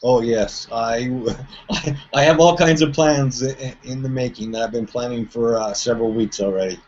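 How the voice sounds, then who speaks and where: A man's voice: medium pitch, normal speed, darkish tone, muffled recording, slight background noise. A man on a video call who laughs and pokes fun at his own mistake. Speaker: guest. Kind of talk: casual chat.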